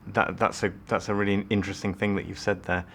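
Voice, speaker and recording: A man with a deep voice and a gravelly rasp, interviewing a guest. He phrases his questions slowly, repeating words as he works toward them. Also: level tone, a bit bright, a little hiss or hum. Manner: hesitant, repeats words while forming questions. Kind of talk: interview conversation.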